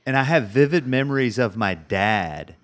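A man's voice: mid-range voice, normal speed. A middle-aged man co-hosting a podcast, chatting casually and telling rambling, joking stories. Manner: rambling, joking, lively storytelling. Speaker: podcast co-host. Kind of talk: casual chat.

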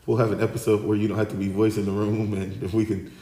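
A man hosting a podcast, talking in an animated, theatrical way that slips into a preacher-like cadence. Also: lowish voice, quick pace, echoey room. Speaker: podcast host. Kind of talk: casual podcast chat.

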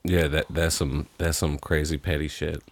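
A man's voice: extremely low pitch, little pitch movement, moderate pace, no room sound, studio quality. A man co-hosting a casual podcast chat, teasing and laughing at a friend's story. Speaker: podcast co-host.

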